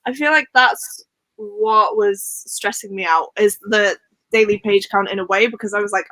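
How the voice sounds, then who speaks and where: A chatty young woman tells stories with a bright, forceful tone and a lot of laughter. She speaks close to a home mic on a video call, and the sound is dry with no room echo. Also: mid-range voice, fairly even intonation, moderate pace. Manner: chatty, laughs often, storytelling. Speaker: book club co-host. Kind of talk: casual chat.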